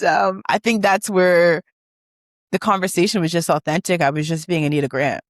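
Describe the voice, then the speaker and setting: Woman guest, animated and emotional storyteller, dry close sound. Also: low voice, no room sound. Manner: animated, emotional, acts out quoted dialogue. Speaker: guest, business founder. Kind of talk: conversational interview storytelling.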